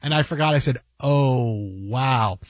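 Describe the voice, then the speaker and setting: A man in his forties hosting sports radio chat, an animated storyteller who repeats himself and acts out the people in his stories. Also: medium pitch, measured pace, dry recording.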